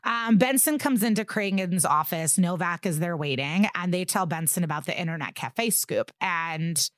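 Woman, podcast co-host, lowish voice, dry close sound, lively episode recap. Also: moderate pace, dry recording. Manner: animated retelling with acted-out quotes and swearing. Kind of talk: casual recap chat.

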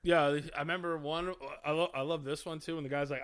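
A man's voice: a little high, fairly even intonation, brisk, a bit bright. A man co-hosting a podcast, chatting crudely and laughing often. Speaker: podcast co-host. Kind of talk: casual comedic chat.

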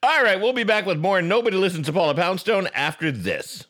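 A man co-host with a fairly high voice that moves a lot in pitch. He banters, cracks jokes and wraps up segments quickly. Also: lively intonation, a bit bright. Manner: jokey, quick wrap-ups. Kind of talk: show hosting and banter.

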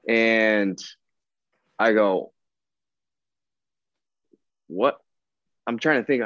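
A man's voice: on the low side, extremely slow, long pauses, no room sound. A young man, a pro baseball player, telling a story casually as a podcast guest and acting out the people in it. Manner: relaxed, chatty, quotes people in dialogue. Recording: dull, lo-fi dry sound.

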